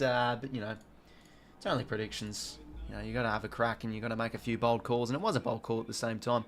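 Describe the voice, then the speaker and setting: A man's voice: mid-range voice, little pitch movement, fast talker. A young Australian man giving casual live commentary on a football game, chatty and rambling, with self-deprecating asides to his viewers. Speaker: live watch-along commentator.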